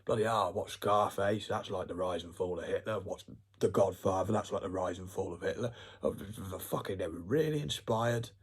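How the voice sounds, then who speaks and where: A man casually puts on a smug, bragging middle-aged dictator who loves his own fame. The voice is deep and husky, and he boasts in a loose, offhand way. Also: fairly quick.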